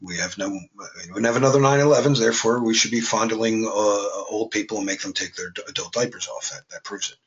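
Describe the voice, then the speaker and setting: A man's voice: on the low side, fairly quick, hardly any pauses, lo-fi sound. A man teaching a class in a casual, conversational way, with joking asides. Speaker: instructor. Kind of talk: classroom lecture.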